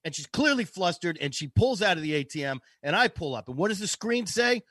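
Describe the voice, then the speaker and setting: Animated high-voiced man from Boston. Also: a little fast, no room sound. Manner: animated, self-mocking anecdote teller. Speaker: podcast co-host. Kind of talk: casual comedic storytelling.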